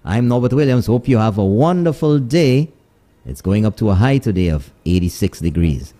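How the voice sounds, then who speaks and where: A man's voice: on the low side, lively intonation, normal speed, warm tone. A man hosting a call-in radio talk show, greeting listeners in many places and signing off. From Saint Lucia.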